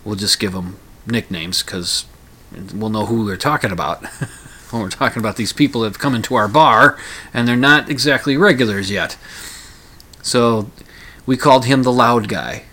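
Rambling man with a bright voice. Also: medium pitch, moderate pace. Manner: meandering, many fillers and restarts, dry humor. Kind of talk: rambling personal monologue.

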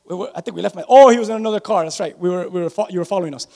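In the echoing sanctuary of a big church, a man with a high, creaky voice preaches very fast. The pastor is animated, sharing personal stories and addressing the congregation directly, with long reverb throughout.

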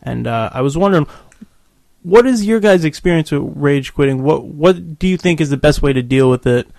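A man's voice: on the high side, expressive, fairly quick, gravelly, a little mellow, dry recording. A man hosting a casual gaming podcast, laid-back and jokey. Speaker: podcast host.

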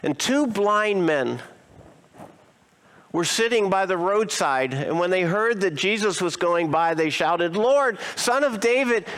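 High-voiced, smooth-toned male pastor preaching. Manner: expressive preaching with rhetorical questions and dramatic slowing. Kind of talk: sermon.

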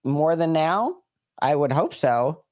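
Woman co-host, lowish voice, loose and profane, quick to laugh. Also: expressive, a little mellow, dull audio. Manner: joking, swears a lot, laughs often. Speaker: podcast co-host. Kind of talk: casual chat.

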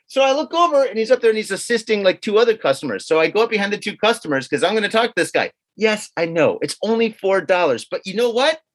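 Guy on a podcast telling a story, kinda high voice, acts out all the voices. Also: fast, few pauses. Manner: animated, acts out quotes of others with swearing. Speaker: podcast co-host. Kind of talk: casual storytelling.

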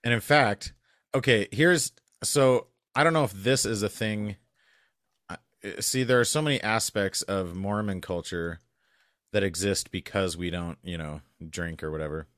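A man co-hosting a podcast in casual chat, chatty and opinionated with quick asides. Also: fairly low pitch, fairly bright tone, no echo, clean studio sound. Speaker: podcast co-host.

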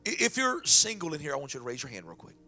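A man's voice: on the high side, huge pitch swings, very fast, soft background music. A man preaching a sermon in a folksy way and then praying aloud. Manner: folksy preaching, shifts into loud prayer. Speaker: pastor.

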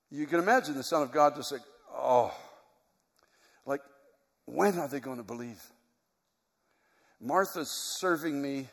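A man preaching a sermon, moving from quiet, reflective teaching to loud, impassioned preaching. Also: medium pitch. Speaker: pastor. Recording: long hall reverb.

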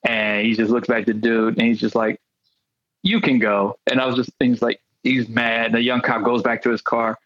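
A male comedian guest telling comic stories in an animated way, acting out the voices of the people in them. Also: medium pitch, a little fast, few pauses, no echo, highs cut off. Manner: animated, acts out quoted voices. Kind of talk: comic storytelling.

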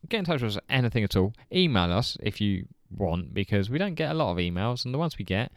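A man's voice: lowish voice, very animated, no room sound, studio quality. A man co-hosting a podcast, giggling often and rattling through the sign-off. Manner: giggly, quick sign-off talk. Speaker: podcast co-host. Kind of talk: casual chat.

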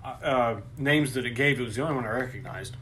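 A man's voice: mid-range voice, a little fast, fairly bright tone, slight background noise. Hesitant man reading out quiz questions. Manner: hesitant, many restarts, laughs often. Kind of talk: casual chat.

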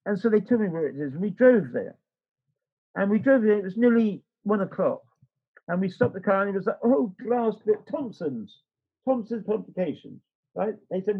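High husky storyteller man. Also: animated, moderate pace. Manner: rambling, acts out quoted dialogue. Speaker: author. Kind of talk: anecdotal storytelling. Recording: dull lo-fi recording.

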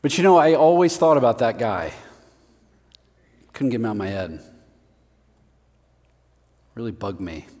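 A middle-aged man preaching with lively, self-mocking storytelling, his voice at an ordinary middle pitch. His words carry a long reverb that rings through a large church hall. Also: measured pace, long pauses. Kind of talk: storytelling sermon.

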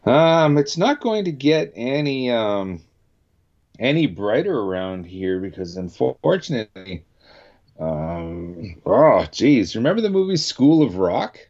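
A man's voice: medium pitch, big pitch swings, measured pace, a little mellow. A Canadian man hosting a radio show, chatting casually and rambling with many restarts. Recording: dull lo-fi sound.

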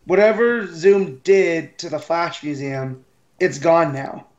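Higher-voiced enthusiastic male co-host. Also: slow, darkish tone, roomy sound, dull audio. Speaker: podcast co-host. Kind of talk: casual chat.

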